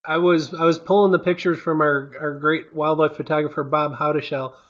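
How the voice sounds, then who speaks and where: Higher-voiced male host, lo-fi. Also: flat delivery, fairly bright tone. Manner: chatty, prompting questions, halting restarts. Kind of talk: casual educational discussion.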